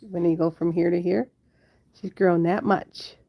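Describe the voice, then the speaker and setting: Woman pet owner hosting a live stream from home, chatty and giggly, with a warm, mellow tone. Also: lowish voice, fairly even intonation, a little slow, gravelly. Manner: chatty, giggly, talks to her pets and viewers. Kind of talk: casual live-stream chat. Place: at home with her pets. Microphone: handheld phone camera held close.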